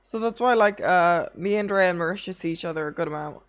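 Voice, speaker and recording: A woman's voice: lowish voice, quick pace. A young woman streaming, chatting casually with her chat, tired from little sleep, rambling through anecdotes and swearing often.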